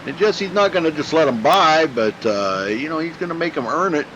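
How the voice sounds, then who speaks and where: A man's voice: fairly high pitch, animated, brisk, fairly bright tone, lo-fi sound, a little hiss or hum. A man calling a sim race as play-by-play commentator, folksy and chatty. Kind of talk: sim racing broadcast commentary.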